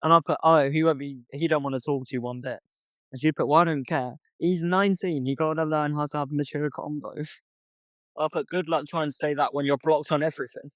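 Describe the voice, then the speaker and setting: Young man reading out texts, slightly high voice. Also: fairly even intonation, a little fast, no room sound. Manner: storytelling, reading out text messages, swearing. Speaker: podcast co-host. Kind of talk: casual chat.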